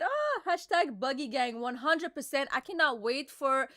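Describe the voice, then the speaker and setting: A woman's voice: high voice, expressive, moderate pace, hardly any pauses, pushed and bright. A woman co-hosting a live stream, chatting casually and bickering playfully with her co-host.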